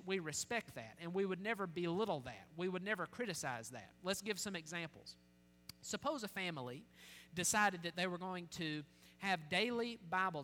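A man's voice: a little high, sharp tone. A man preaching a sermon, earnest, with many rhetorical questions. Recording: long hall reverb, faint hum.

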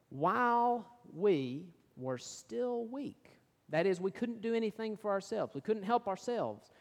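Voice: medium pitch, big-room sound. A preacher giving a sermon, asking the listeners questions and reading and explaining scripture verses. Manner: asks the listeners rhetorical questions.

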